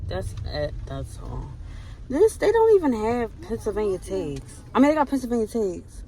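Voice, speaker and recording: A young woman in her twenties from Baltimore, with a Baltimore accent, telling stories in an animated, slangy vlog chat from her car. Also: medium pitch, normal speed. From Baltimore, Maryland. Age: 20s. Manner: animated storytelling, loud put-on shouting in retold quotes, swearing slang. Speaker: vlogger. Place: in a car and around town. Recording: noisy phone vlog with car and street noise.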